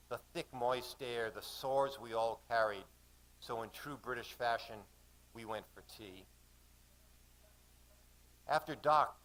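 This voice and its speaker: Man poet, mid-pitched, measured vivid spoken-word storytelling, live cafe reading. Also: fairly bright tone, poor audio.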